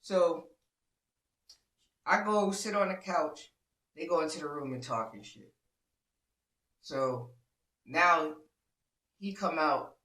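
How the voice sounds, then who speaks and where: A man's voice: a little high, slow, long pauses, pushed and bright. A man in his thirties telling a personal story in a casual, profane, slang-heavy way. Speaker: storyteller host. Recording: echoey room, mic at a distance.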